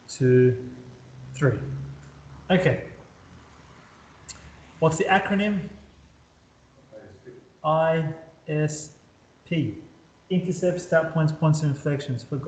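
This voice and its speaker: A man with a slightly high voice, teaching a maths class in an upbeat way. He keeps checking in with the students, and his voice rings around a bare, echoey room. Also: a little mellow. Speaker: maths tutor. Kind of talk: whiteboard maths lesson.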